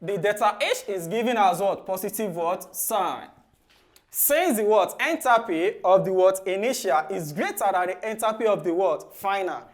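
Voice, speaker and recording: A man teaching chemistry for exam preparation. He ends nearly every phrase with "what?" and then answers it himself in a low, soft voice. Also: lively intonation, normal speed. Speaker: chemistry tutor. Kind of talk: exam-prep lesson.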